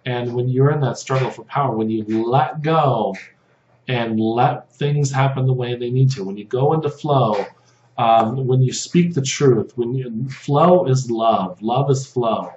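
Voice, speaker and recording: A man giving a casual spoken lesson over slides, halting with many fillers and restarts, softening when he repeats short prayer phrases. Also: mid-range voice. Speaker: video host teaching about control dramas. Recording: dull lo-fi audio in a roomy space with faint hum.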